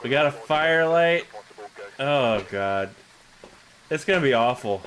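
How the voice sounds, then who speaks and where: A man streaming a horror game, chatting about his moves, laughing often and breaking into shouts when things go wrong. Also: medium pitch, animated, unhurried. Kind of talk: live gameplay commentary.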